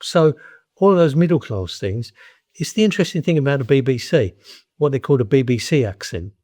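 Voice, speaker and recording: A man's voice: mid-range voice, expressive, fairly quick, dark tone. An older man from East London with a Cockney accent, telling blunt anecdotes as a guest in a casual conversation. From East London, England. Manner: blunt, anecdotal, frequent restarts.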